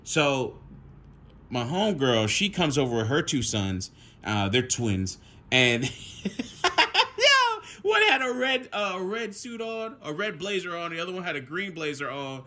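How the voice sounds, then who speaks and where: A young man, telling a casual story at home, animated, laughing often and swearing freely. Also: a little high, a little slow. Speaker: vlogger.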